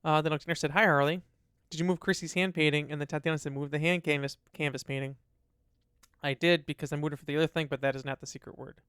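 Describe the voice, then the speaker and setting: A man's voice: on the high side, fairly even intonation, fast, a bit bright, smooth, no room sound, clean studio sound. A man co-hosting a casual podcast, reading listener comments aloud and chatting about them. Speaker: podcast co-host. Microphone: studio dynamic mic.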